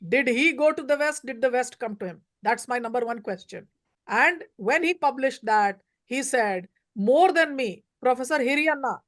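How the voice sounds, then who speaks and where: A woman professor from India, giving emphatic lecturing remarks on a panel. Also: high voice. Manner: emphatic, lecturing, stresses single words.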